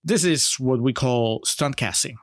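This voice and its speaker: A man's voice: medium pitch, a little slow, no room sound, clean studio sound. A man co-hosting a podcast, chatting casually about a film in an easygoing, laughing way. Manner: laughs often, easygoing, reads quotes aloud. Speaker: podcast co-host. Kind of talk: casual film-review chat.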